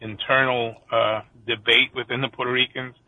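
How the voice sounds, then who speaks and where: A man's voice: medium pitch, flat delivery, normal speed, no echo. A man with a New York accent, a boxing guest on a radio talk show, talking hesitantly with many fillers. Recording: tinny phone line, dry.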